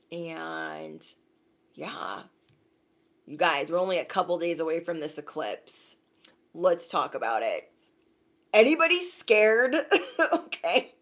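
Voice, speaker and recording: A young woman, an intuitive reader, talks casually on a livestream with a voice on the low side. She's lively, laughs frequently, and names viewers as she thanks them.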